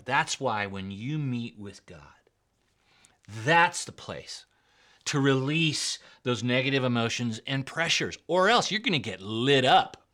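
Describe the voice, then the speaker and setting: A man's voice: mid-range voice, expressive, unhurried, sharp tone. A man preaching a sermon in an emphatic way, repeating key points and calling his listeners guys and bro. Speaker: pastor.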